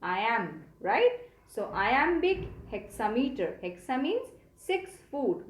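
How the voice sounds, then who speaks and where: A woman's voice: on the high side, very animated, slow pace, few pauses. A woman, patiently explaining a poem in a recorded lecture, with many hesitant fillers. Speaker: literature teacher. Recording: echoey room with faint hum.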